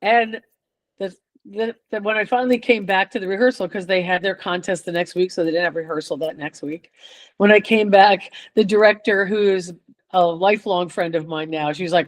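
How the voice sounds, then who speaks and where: An older woman guest chatting in a relaxed way, telling lively stories and laughing often. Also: mid-range voice, normal speed. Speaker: guest chorus singer. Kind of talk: casual storytelling chat.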